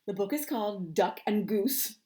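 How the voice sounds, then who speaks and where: A woman who is a school counselor, reading a picture book aloud to young children and talking to them in a gentle, encouraging way. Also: mid-range voice, animated, moderate pace. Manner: gentle, encouraging teacher talk.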